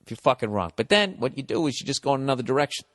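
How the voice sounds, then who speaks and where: A Boston-accented comedian in his forties hosts a podcast, racing through a rambling comic advice monologue in a mid-range, slightly bright voice with lively intonation, and it sounds like a large hall. He's profane and blunt, acting mock-harsh before turning encouraging.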